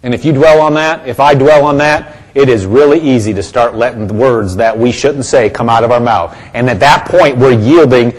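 A man's voice: medium pitch, moderate pace, few pauses. A man preaching a sermon, emphatic and repetitive, calling on the congregation to respond. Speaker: pastor.

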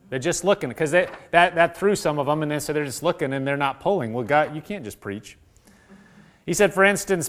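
A man with a somewhat high voice preaches to a congregation. He reads passages aloud from a book and keeps breaking off to explain them in his own words. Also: fairly bright tone. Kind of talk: sermon reading aloud from a book.

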